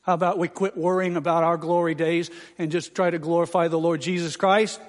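A pastor with a high, ringing voice preaches an emphatic sermon. He builds to rousing questions and slows for weight. The words hang in the long reverb of a church sanctuary.

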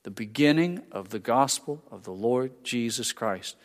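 A man's voice: medium pitch, expressive, moderate pace. Older male pastor preaching in a reverberant hall. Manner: conversational preaching with frequent restarts and asides. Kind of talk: sermon.

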